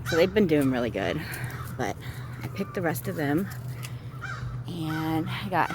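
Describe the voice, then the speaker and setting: A woman's voice: fairly low pitch, noisy background. Chatty woman touring her garden. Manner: chatty and rambling, with frequent fillers and trailing-off sentences. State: a little out of breath. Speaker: vlogger giving a garden and pantry tour. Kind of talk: casual walk-and-talk tour. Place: garden outdoors, then inside a house.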